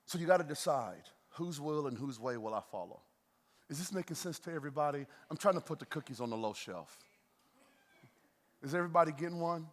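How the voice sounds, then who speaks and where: A man preaching a sermon as a pastor, in a lively, conversational way, with playful asides to the congregation. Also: a little high, fairly quick. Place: church auditorium. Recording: long hall reverb.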